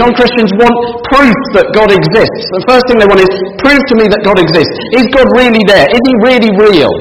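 A man preaching an animated family church sermon and leading the congregation in call-and-response. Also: high voice, echoey room, in a large hall, slight background noise, rough recording. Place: church hall.

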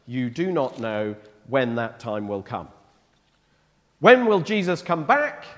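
A man preaching a sermon in a church, explaining scripture in a conversational way and often asking the congregation questions. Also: on the high side. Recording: long reverb of a church hall.

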